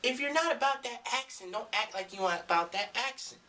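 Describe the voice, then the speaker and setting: A man's voice: very high-pitched, animated, fairly quick, sharp tone, distant mic, slight background noise. A young man ranting emphatically to his camera in a preachy, profane vlog monologue. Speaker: vlogger. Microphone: camera mic.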